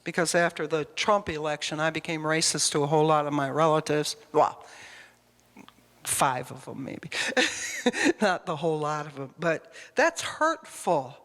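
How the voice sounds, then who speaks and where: A woman's voice: low-pitched, animated, moderate pace, fairly bright tone. A woman giving a conversational sermon, emphatic and rambling, often putting questions to the congregation. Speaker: church speaker. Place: church hall. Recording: long reverb of a church hall.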